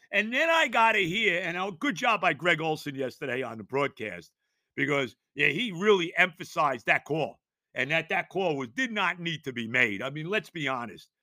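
An exasperated man rants through a sports talk segment, tripping over his words and now and then erupting into shouts. His voice is high and piercingly bright, with big swings in pitch. It sounds close and dry, with no room echo. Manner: exasperated, ranting, stammering restarts, bursts of shouting.

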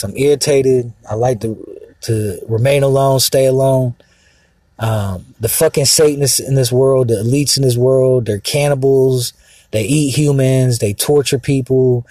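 A man's voice: medium pitch, warm tone, no echo. A man ranting in a rambling, profane, agitated monologue with many fillers. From Mexican heritage. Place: outdoors, sitting in a car.

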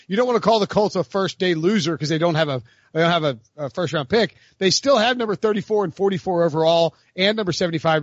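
A man's voice: fairly high pitch, no echo, muffled recording. A man hosting a casual sports talk show, rambling with many fillers and restarts. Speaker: host.

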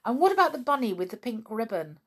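A woman's voice: fairly high pitch, sing-song, fast, slightly rough, voice pushed up, exaggerated voice. A woman doing a chirpy boy toy. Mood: cheerful. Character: cheerful boy toy with a wide smile.

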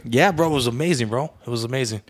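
A man's voice: medium pitch, fast. A man who is a father, chatting casually as a podcast co-host, swearing freely, tacking "bro" onto every phrase and acting out voices in his stories. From Mexican heritage. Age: adult father. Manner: profane, peppers speech with "bro"; animated storyteller, acts out voices with laughter. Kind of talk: casual chat.

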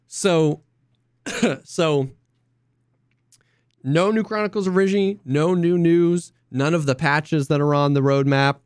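A young man co-hosting a casual podcast, an excitable storyteller who acts out quotes in high voices. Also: slow pace, pauses often, clean tone, no echo, studio quality. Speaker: podcast co-host. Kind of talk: casual chat.

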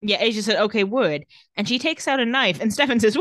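A woman's voice: on the high side, a little fast, no room sound. Chatty young woman recapping scenes. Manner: retells scenes, quoting characters with lively shifts. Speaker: podcast co-host recapping a TV episode. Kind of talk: casual chat.

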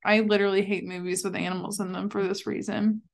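A woman's voice: mid-range voice, little pitch movement, quick pace, creaky. A young woman co-hosting a podcast, cracking jokes and teasing in casual chat. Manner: joking, teasing banter. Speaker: podcast co-host.

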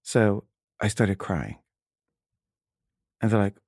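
A man's voice: lowish voice, moderate pace, long pauses, a little mellow, dry recording, clean studio sound. A man casually telling a personal story, wry and loose, with frequent filler words.

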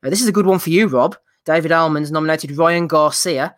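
A man hosting a casual podcast, reading out listener nominations with a jokey, quick manner and frequent laughter. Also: on the high side, fairly bright tone, dry recording, studio quality. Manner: jokey, laughs often, quick read-outs.

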